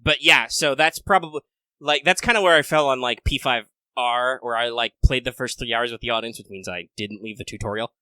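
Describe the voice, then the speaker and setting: A man with a bright, forward voice chats casually as a podcast co-host. His talk is animated and full of swearing. The sound is dry and close, with no room. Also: medium pitch, clean tone, no echo. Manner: animated, swearing, quick impressions. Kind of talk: casual chat.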